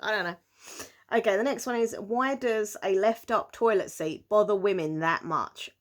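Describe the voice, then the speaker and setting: In a casual video, a young woman with a British accent responds to viewer questions, giggling frequently and leaning on many fillers. Her voice is mid-range and her pace moderate.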